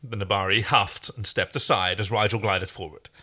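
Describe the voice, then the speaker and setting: A man's voice: on the low side, fairly even intonation, sharp tone. A man, co-hosting a podcast, reading fan fiction aloud in a playful, chatty way. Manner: playful, chatty, quick to laugh. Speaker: podcast co-host.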